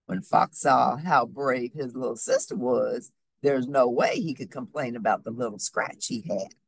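A woman reading a children's storybook aloud in a lively, expressive way, then speaking to her audience. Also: rumbling low, a little slow, gravelly, slightly rough, no echo, rough recording. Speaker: storybook reader.

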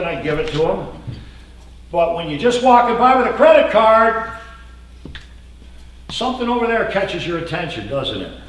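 A man preaching a sermon, swinging from loud, raised passages to quiet, intimate ones. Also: on the high side, slight background noise. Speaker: pastor. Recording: echoey room from far off.

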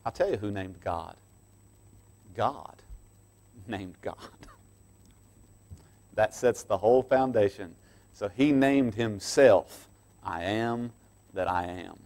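A man's voice: lowish voice, takes it slowly, long pauses. Folksy preaching pastor, man. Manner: folksy, conversational preaching with asides to the congregation; swings from quiet asides to loud emphatic stresses. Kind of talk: midweek sermon.

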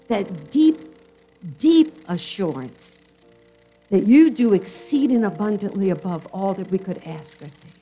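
A woman's voice: mid-range voice, mellow, rough recording. A woman leading a church congregation in prayer, speaking fervently and stretching out key phrases.

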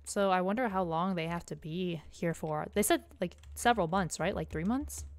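A woman's voice: fairly low pitch, moderate pace, slight background noise. A young woman casually commenting while playing a game, chatty and reading along. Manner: casual, chatty, reads game text aloud. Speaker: gaming channel host. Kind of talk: let's play commentary.

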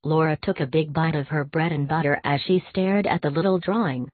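A woman giving a measured, expressive audiobook reading of a classic short story. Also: sits low, dry recording. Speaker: audiobook narrator. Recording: tinny, dry, phone-like sound.

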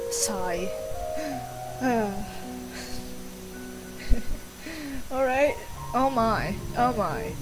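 Slow-talking woman playing a horror game. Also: a little high, animated, low-quality recording. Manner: laughs often, swears, reads game text aloud. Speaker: let's play gamer. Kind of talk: casual gaming commentary. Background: game music.

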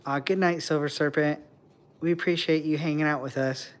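A man hosting a casual stream, chatting with viewers and talking to his pet birds in soft, doting baby talk. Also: on the high side, steady tone, normal speed. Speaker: livestream host with pet birds. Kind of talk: casual chat with pets and viewers.

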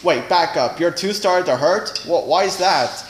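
A man's voice: a little high, animated, measured pace, echoey room, a little hiss or hum. A man doing a goofy bumbling chef. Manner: rambling, stumbles over words. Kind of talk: puppet show character voice.

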